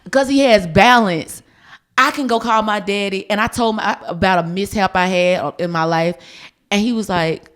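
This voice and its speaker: A woman hosting a podcast in casual chat, responsive and expressive with her guest. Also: mid-range voice, normal speed. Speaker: podcast host.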